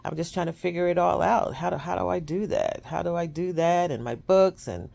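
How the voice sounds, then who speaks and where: A woman's voice: fairly low pitch, a little fast, gravelly, dark tone. Woman vlogger, candid rambling chat to camera, repeats herself. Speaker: self-published author vlogging.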